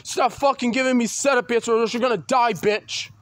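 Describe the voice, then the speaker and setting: A man ranting on his own in an agitated, repetitive way, swearing and breaking into loud outbursts. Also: very high voice, fairly even intonation, a little fast, a little hiss or hum. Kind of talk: solo rant to camera.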